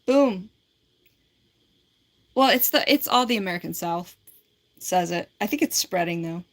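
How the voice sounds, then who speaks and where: A woman's voice: lowish voice, animated, a little slow. A woman in her forties on a casual livestream, reading and answering viewer comments in a rambling, giggly way with lots of filler words. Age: 40s.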